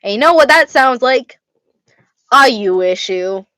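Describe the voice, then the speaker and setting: A woman's voice: high-pitched, expressive, unhurried, bright, forceful tone, dry recording. Blunt young woman with a dry close sound. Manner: blunt, swears freely, laughs often. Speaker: vlogger answering fan questions. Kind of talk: casual Q&A vlog.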